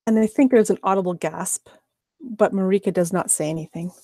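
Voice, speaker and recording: Husky, mellow woman player. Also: mid-range voice, fairly quick, no room sound, studio quality. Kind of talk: tabletop role-play, in and out of character.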